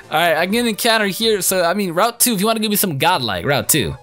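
A young man commenting on his own game playthrough, excitable, crude and joking. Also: high-pitched. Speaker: gaming YouTuber. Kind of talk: let's play commentary.

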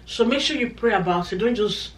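A woman's voice: a little high, expressive, fairly quick, slight background noise. A woman talks straight to her viewers in a chatty, emphatic way and circles back to repeat her points. Her voice sits some distance from the mic. A noticeable room echo surrounds every word. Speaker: vlogger. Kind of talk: casual chat to camera.

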